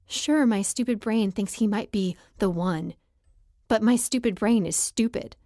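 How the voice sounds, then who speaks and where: A woman narrating a first-person romance audiobook in an emotional, expressive reading. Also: medium pitch, a little slow, no room sound, studio quality.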